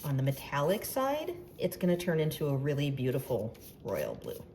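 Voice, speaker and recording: A woman with a low-set voice hosts a casual baking tutorial, her pitch rising and falling in lively swoops. She chats through each step with playful, self-mocking asides. Faint background hum sits under the recording. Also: moderate pace. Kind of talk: casual demonstration.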